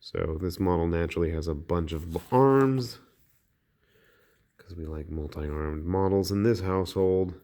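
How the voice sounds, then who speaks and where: Deep-voiced man unboxing miniatures. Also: unhurried, warm tone. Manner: chatty, thinking aloud while handling parts. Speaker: miniatures hobby channel host. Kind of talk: casual unboxing vlog.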